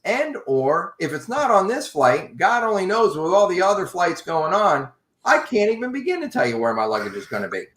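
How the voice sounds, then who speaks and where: A man casually telling a long travel story to a podcast host in an animated, wry way. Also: fairly high pitch. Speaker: podcast guest. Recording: roomy echo.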